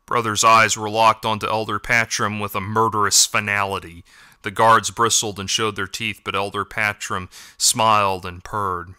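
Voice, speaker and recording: A man narrating a story in an even, measured way. His voice is very bright and crisp, recorded dry and close. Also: on the low side, no room sound. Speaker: audiobook narrator. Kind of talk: scripted narration.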